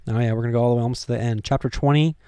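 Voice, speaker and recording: A man leading a casual Bible study, talking conversationally with many fillers and restarts, and getting excited at times. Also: mid-range voice, very fast, clean tone, no room sound, clean studio sound.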